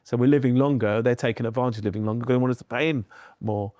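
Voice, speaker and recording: A man's voice: medium pitch, fairly even intonation, very fast, darkish tone, dry recording. A middle-aged man from London, a podcast guest who talks earnestly and tells stories with animation. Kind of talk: podcast interview.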